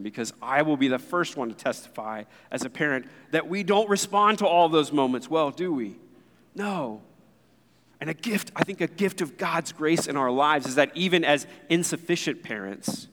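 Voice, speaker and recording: In a church sanctuary, a pastor in his thirties delivers an earnest, conversational sermon, turning now and then to address the congregation directly. He has a medium-pitched, fairly bright voice, with long church-hall reverb on the recording.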